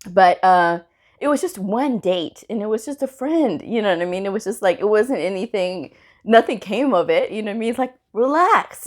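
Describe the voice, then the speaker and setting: Chatty woman giving friendly career advice. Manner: chatty storyteller, often checks in with "okay?" and "you know what I mean?"; animated, jumps high in pitch when retelling. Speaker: medical coding vlogger. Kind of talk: casual advice vlog.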